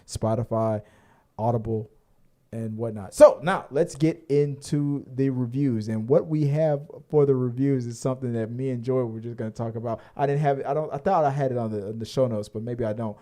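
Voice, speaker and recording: A man's voice: mid-range voice, moderate pace, dark tone. A man co-hosting a casual podcast, rambling with many fillers and restarts and the odd curse. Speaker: podcast co-host. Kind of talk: casual chat.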